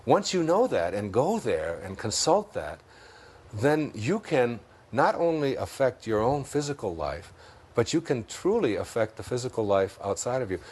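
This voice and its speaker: Man, detroit accent, husky voice, reflective storytelling, frequent laughs. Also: medium pitch, sing-song, moderate pace, darkish tone. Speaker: interview guest, self-help author. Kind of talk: conversational talk.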